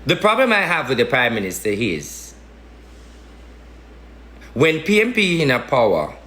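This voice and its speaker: A man's voice: mid-range voice, huge pitch swings, measured pace, bright, forceful tone, echoey room. A man from Jamaica with a Jamaican Patois accent, giving a casual political rant with emphatic, repetitive, slangy talk. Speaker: political commentator.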